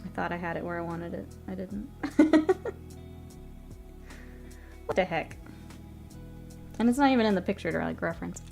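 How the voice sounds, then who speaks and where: Woman, live streamer, casual chat, soft muttering while working, quick laughs, stuffy nose, faint music behind. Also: fairly low pitch, lively intonation, vocal fry. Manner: chatty, often murmuring softly while working, laughs easily.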